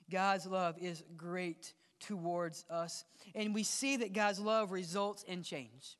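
A male pastor preaching a sermon to his congregation, dropping to hushed whispers and rising to emphatic peaks, speaking to them directly. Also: sits high, fairly even intonation, unhurried, hardly any pauses, long reverb tail. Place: church sanctuary.

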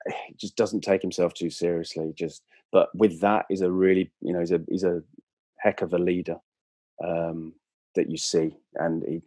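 A man's voice: low voice, flat delivery, moderate pace, dry recording. A man, a club presenter telling anecdotes as a guest in casual chat, with many fillers and restarts. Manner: warm storyteller, frequent fillers and restarts.

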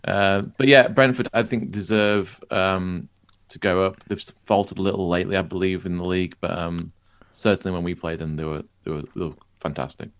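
A man's voice: deep voice, fairly even intonation, brisk. A man co-hosting a football podcast, talking casually and hesitantly with many fillers. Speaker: podcast co-host.

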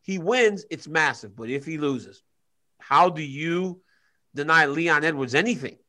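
A man co-hosting a casual sports chat over a video call, animated and joking, often repeating himself. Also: on the high side, a little slow. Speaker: co-host.

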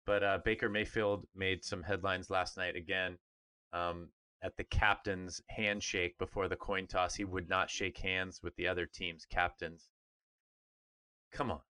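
A man's voice: deep voice, measured pace, clean tone. A middle-aged man, a former pro player, co-hosting a sports podcast in casual, emphatic chat. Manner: animated, emphatic, mimics others in funny voices.

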